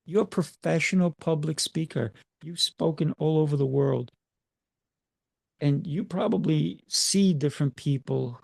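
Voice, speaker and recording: A man's voice: fairly high pitch, gravelly, a little mellow, dry recording, studio quality. A man who is a martial arts coach, chatting in an interview over a video call and driving his points home with emphatic rhetorical questions. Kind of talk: casual interview chat.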